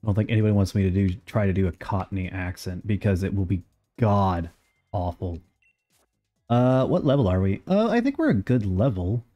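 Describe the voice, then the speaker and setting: A young man streaming a game and chatting casually, rambling along with sudden excited outbursts. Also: fairly low pitch, moderate pace, lo-fi sound, soft background music. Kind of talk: casual live gameplay commentary.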